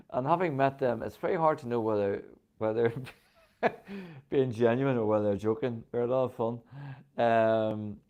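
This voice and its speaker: A man's voice: mid-range voice, a little mellow. A man with a Northern Irish accent hosting a casual video, chatting enthusiastically with frequent ums. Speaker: host. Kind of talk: casual chat to camera.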